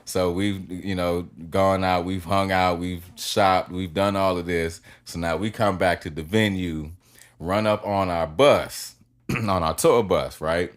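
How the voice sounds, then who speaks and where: A man's voice: sits low, steady tone, a little slow. A man in his thirties, a podcast guest telling rambling anecdotes in a casual, profane way.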